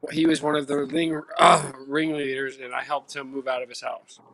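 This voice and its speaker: Bright-voiced rambling man from the South. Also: mid-range voice, flat delivery, moderate pace, vocal fry. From USA. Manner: rambling storyteller, swears freely. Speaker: guest. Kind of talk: casual chat.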